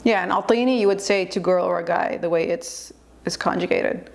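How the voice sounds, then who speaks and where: Fast-talking woman with a gravelly edge. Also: fairly low pitch. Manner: chatty, switches between English and Arabic, corrects the other speaker. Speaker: Arabic linguist reacting to a video. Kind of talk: casual reaction commentary.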